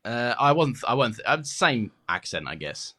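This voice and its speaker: A man's voice: mid-range voice, sing-song, measured pace, sharp tone. A man co-hosting a podcast, talking animatedly with frequent hesitations. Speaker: podcast co-host. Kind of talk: casual chat.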